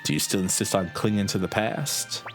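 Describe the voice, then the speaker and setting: A man voicing a calm, scheming older male strategist in a lowered, deliberate voice while reading game dialogue. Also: faint music behind.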